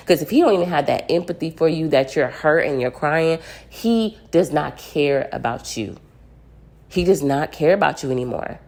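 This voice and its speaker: Lower-voiced woman vlogger, emphatic and preachy, lecturing women on relationships. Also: creaky, darkish tone. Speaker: vlogger giving relationship advice. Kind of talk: casual commentary.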